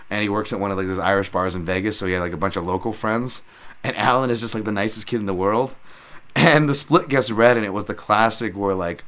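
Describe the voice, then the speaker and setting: A man hosting a casual solo podcast, recapping fights in a rambling, animated way with lots of fillers. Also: on the low side. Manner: rambling and animated, many fillers, acts out excited shouts when retelling. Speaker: podcast host and MMA analyst.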